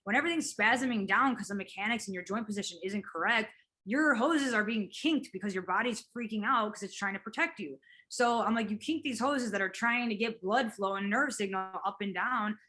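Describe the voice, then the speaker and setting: A woman, a physical therapist, chatting as an interview guest, animated and quick to act out quotes and laugh. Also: mid-range voice. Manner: animated storyteller, acts out quotes, laughs often, swears casually. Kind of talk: casual interview chat.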